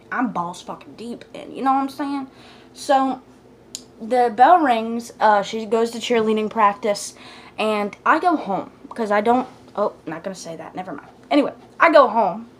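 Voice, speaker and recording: Young adult female vlogger, casual storytime delivery, animated and profane, light hiss in the background. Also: on the high side. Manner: animated, swings between loud asides and hushed whispers; blunt, profane, talks with lots of fillers. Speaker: YouTuber telling a story.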